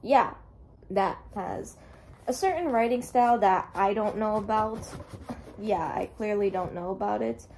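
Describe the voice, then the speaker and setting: A young woman vlogs casually about her reading in a medium-pitched, darkish voice at a measured pace, with a little hiss or hum in the background. This book vlogger rambles, gets emotional, and laughs often as she chats.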